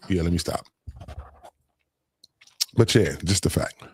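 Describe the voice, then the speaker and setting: A man's voice: sits low, slow pace, pauses often, husky, no echo. A man hosting a casual live stream, swearing freely, laughing often and reading viewer comments aloud. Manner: profane, laughs a lot, reads comments aloud. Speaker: livestream host.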